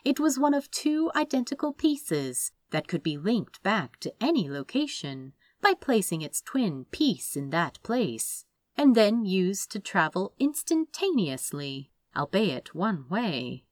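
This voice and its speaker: A woman narrating a fantasy audiobook in a measured, expressive way. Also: medium pitch, no room sound, clean studio sound.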